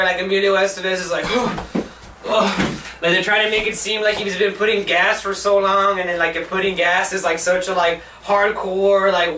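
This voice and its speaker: A young man hosting his own show gives a casual, ranting movie review, profane and rambling, packed with "like" and exasperated outbursts. His voice sits high with a sharp tone and a little hiss or hum, recorded with a distant mic in a roomy, echoing space.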